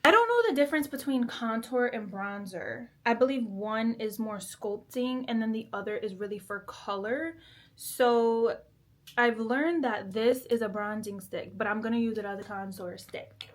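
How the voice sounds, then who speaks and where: Young female vlogger, giggly and chatty, bright-voiced, casual bedroom talk. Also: fairly high pitch, animated, normal speed. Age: 20s. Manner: chatty, giggly, self-deprecating. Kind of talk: casual chat while doing makeup. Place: bedroom at home.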